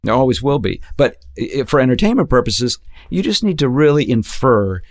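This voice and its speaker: A man's voice: medium pitch, normal speed. A man, an actor and impressionist, telling stories in a casual interview and breaking into quoted voices. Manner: animated, jumps into quoted voices.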